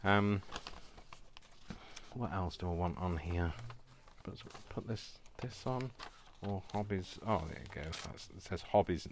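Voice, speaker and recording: A deep-voiced British man chats casually at his craft table, rambling from one thing to the next and laughing often. A faint background noise sits under his voice. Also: measured pace. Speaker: craft video host. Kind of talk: casual chat while crafting.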